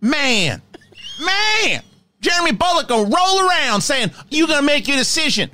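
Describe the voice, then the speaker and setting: A man's voice: extremely high pitch, sing-song, moderate pace, sharp tone, a little hiss or hum, heavily acted. A man voicing Professor Crow, a mean, foul-mouthed woman troll who loves old cinema and rants insults at fans. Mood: scornful. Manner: insulting, ranting, swearing. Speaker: host.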